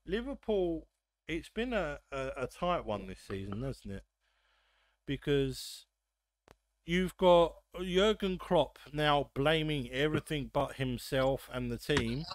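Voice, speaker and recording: A man's voice: on the high side, animated, dry recording. Man, football podcast host, ranting, swearing, dry room. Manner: ranting, swearing, quick asides. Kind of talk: casual football chat.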